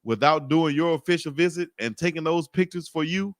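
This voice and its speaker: A man's voice: a little high, a little fast, no room sound, studio quality. A man hosting a heated sports debate, pressing his point in slangy talk and calling his co-host "dog". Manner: insistent, slangy, repeats "dog".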